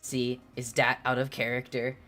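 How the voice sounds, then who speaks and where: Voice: mid-range voice, monotone, moderate pace, fairly bright tone, faint music behind. A streamer chatting casually with viewers and reading aloud, laughing often and stumbling over words. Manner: self-deprecating, chats with viewers.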